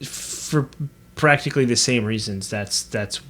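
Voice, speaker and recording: A man's voice: mid-range voice, unhurried, a bit bright. Teasing man in casual podcast banter. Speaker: podcast co-host. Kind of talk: casual chat.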